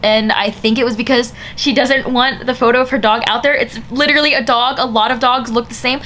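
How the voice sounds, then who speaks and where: A woman's voice: a little high, steady tone, a little fast, hardly any pauses, a bit bright. A young woman vlogger telling a casual storytime, chatty and full of "like" fillers.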